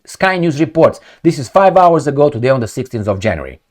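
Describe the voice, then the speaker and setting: A man's voice: mid-range voice, very animated, fairly quick, a little mellow. A man gives solo commentary on news articles, reading them aloud and ranting sarcastically with profanity while talking straight to his viewers. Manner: profane, addresses viewers directly. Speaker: political commentator.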